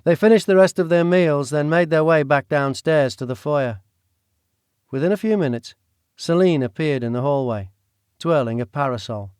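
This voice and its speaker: A man narrating an audiobook in a steady, even storytelling manner. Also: a little high, moderate pace, smooth, dry recording, clean studio sound. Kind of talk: scripted narration.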